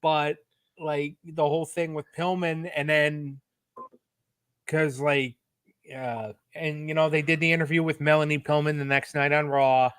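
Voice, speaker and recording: A man's voice: a little high, flat delivery, unhurried, fairly bright tone, smooth, no echo. A man co-hosting a casual wrestling review podcast, telling a backstage story in a loose, rambling way and acting out the quotes. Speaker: podcast co-host.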